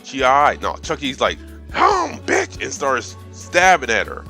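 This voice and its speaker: A man's voice: medium pitch, soft background music. Profane man recapping a film. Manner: animated, acts out characters in quick voices; profane, slangy storytelling. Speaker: movie recapper. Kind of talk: comedic movie recap.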